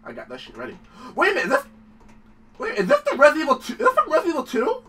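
A young man giving excitable, swearing let's play commentary while gaming. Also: extremely high pitch, racing, recorded from a distance. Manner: excitable, profane, rambling. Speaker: gaming channel host.

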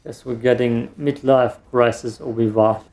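A man's voice: medium pitch, fairly even intonation, a little slow, gravelly, darkish tone. A man giving casual, self-mocking commentary while he plays a video game. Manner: dry, self-mocking remarks while playing. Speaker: gameplay streamer. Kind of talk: casual let's play commentary.

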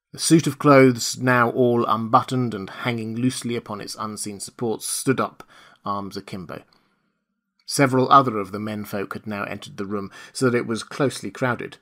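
A man narrating an audiobook with dramatic, expressive storytelling. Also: lowish voice, normal speed. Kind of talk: scripted narration.

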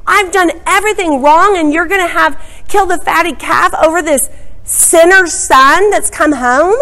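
A woman's voice: extremely high pitch, a little slow, pushed and bright, pitched above the performer's own voice, full character voice. A woman voicing an aggrieved, complaining young man who is the resentful elder brother. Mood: indignant.

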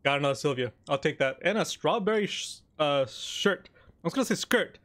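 A man giving casual, joking gameplay commentary, excitable and sometimes talking with his mouth full of cookie. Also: a little high, a little fast. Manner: excitable, joking, talks while eating. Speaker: gaming YouTuber.

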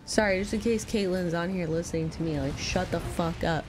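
A woman in her thirties chatting casually on a live stream. She swears freely, bursts into loud exclamations, and coos softly to her pet. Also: lowish voice, a little fast, noisy background. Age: 30s.

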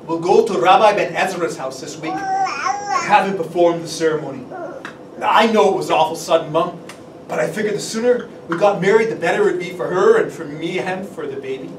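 A man's voice: high-pitched, fairly quick, natural voice. A man playing the young man Joseph, earnest and tender, telling his story with emotion in a church. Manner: emotional, shifts to shouted quotes. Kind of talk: dramatic storytelling monologue. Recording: echoey church sound from a distant mic with background noise.

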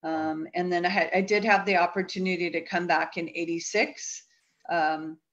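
Low-voiced woman on muffled call audio. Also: steady tone, moderate pace, fairly bright tone. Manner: reflective, chatty, frequent fillers. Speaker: volleyball coach, guest. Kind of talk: casual interview talk.

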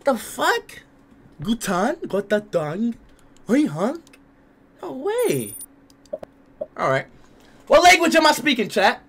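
A young man streaming live, reacting loudly with slangy outbursts while playing a quiz. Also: very high-pitched, takes it slowly, pauses often, a little hiss or hum. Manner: excitable, shouting, slangy outbursts. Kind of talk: loud reactive livestream commentary.

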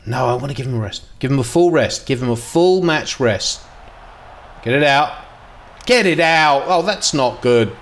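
A man giving casual, excitable commentary while playing a football management game, dropping to mutters and jumping to loud outbursts. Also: mid-range voice, normal speed. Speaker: gaming video host.

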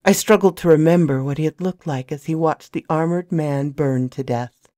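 A woman narrating a novel in the first person with a soft, hushed delivery on a close mic. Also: low-pitched, normal speed, no room sound. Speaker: storyteller.

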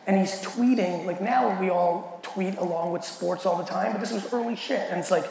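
A man giving a keynote talk, telling a story in an animated, profane way and acting out the quoted dialogue. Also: high voice, moderate pace, gravelly, hardly any pauses. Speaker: keynote speaker. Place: large event hall. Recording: echoey hall with faint noise.

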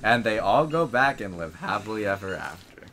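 A man's voice: on the low side, animated, moderate pace, a bit bright, a little hiss or hum. Rambling man improvising a goofy story. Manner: rambling with many fillers, laughing at himself. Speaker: gamer telling an improvised story.

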